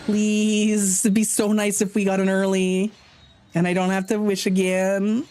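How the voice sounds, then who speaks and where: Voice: medium pitch, monotone, unhurried, darkish tone, soft background music. A streamer giving casual live commentary on a game, chatty and thinking aloud, sometimes stumbling over unfamiliar names.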